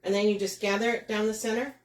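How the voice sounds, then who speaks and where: A woman's voice: mid-range voice, flat delivery, fast talker. A chatty woman, hosting a live craft demo, talking to viewers by name and laughing often. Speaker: craft shop host. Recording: echoey room.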